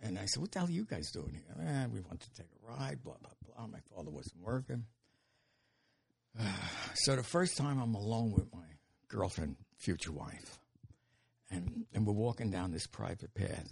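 An older man telling stories as an interview guest, animated and laughing, with casual swearing. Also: fairly low pitch, normal speed, creaky, breathy edge. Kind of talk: storytelling in an interview.

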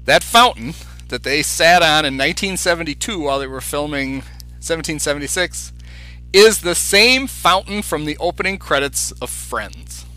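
A man's voice: a little high, moderate pace, sharp tone, soft background music, low-quality recording. A man co-hosting a casual podcast, chatty and recounting film scenes with enthusiasm. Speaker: podcast co-host.

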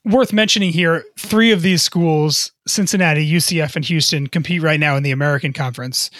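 A man's voice: on the high side, a little fast, a bit bright, no echo, clean studio sound. A man co-hosting a sports business podcast, talking casually and often repeating words as he thinks. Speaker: co-host, sports business reporter.

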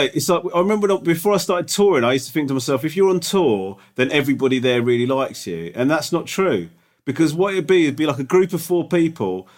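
A touring comedian co-hosting a podcast, talking in a teasing, expressive way. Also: male voice, a little high. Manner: teasing, expressive, lively delivery. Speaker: podcast co-host. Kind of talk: casual chat.

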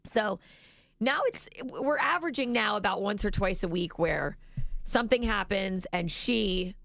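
Female radio co-host, 30s, gravelly and animated, dry close mic. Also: mid-range voice, unhurried, dry recording. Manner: animated, laughing, acts out quoted lines. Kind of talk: casual storytelling chat.

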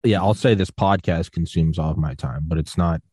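A young man hosts a podcast in a low, mellow voice, chatting loosely and drifting into long stories. He acts out the people he quotes and then falls back into easy conversation. The sound is close and dry. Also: a little fast, breathy edge, no echo. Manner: rambling storyteller, quotes others in animated voices. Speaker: podcast host. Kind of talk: casual interview chat.

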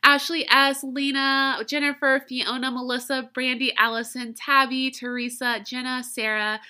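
A woman speaks candidly on her podcast, swearing and laughing often. Her voice is very bright and forceful. She sounds congested from crying and allergies. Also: high-pitched, little pitch movement, moderate pace, clean tone. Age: 30s. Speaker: podcast host. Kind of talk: casual solo podcast talk.

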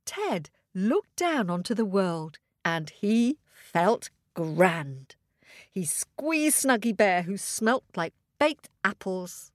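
A woman narrating a children's story expressively and gently, speaking to young listeners. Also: medium pitch, very animated, slow, no echo, clean studio sound.

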